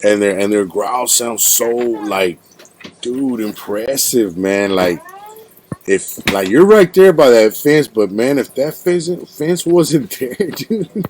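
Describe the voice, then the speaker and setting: A man's voice: medium pitch, lively intonation, slow pace, darkish tone, a little hiss or hum. A man hosting a casual podcast interview, rambling and slangy, calling his guest bro and dude. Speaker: podcast host.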